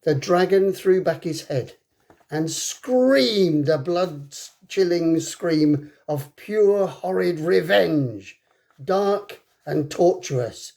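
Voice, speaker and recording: Slow, expressive male storyteller. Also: sits high, creaky. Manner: expressive, dramatic. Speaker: teacher reading aloud. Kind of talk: storybook read-aloud. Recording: echoey room.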